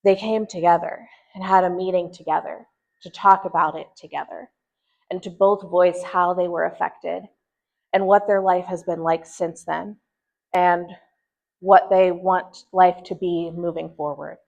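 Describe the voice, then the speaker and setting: A woman speaks to a church group in a lowish voice, earnest and thoughtful, pausing and restarting as she reflects. The recording is dull and lo-fi, with the top end rolled off. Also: fairly even intonation, creaky. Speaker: church presenter.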